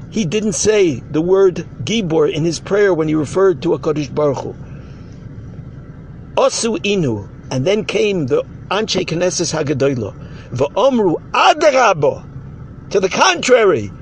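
A man with a Yeshivish English accent and Ashkenazi Hebrew pronunciation, preaching a sermon as a rabbi and acting out dramatic scenes with shouted cries. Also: high voice, slight background noise, rough recording. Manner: impassioned storytelling, acts out shouted cries.

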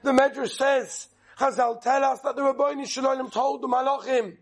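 A man giving an impassioned sermon in a study hall, speaking with emphatic, dramatic pauses. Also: very high voice, fairly even intonation.

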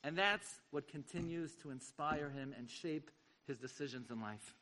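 Impassioned preacher, high and bright. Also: male voice, normal speed. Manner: impassioned, sweeping from hushed to loud. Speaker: speaker at a community event. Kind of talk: sermon-style storytelling.

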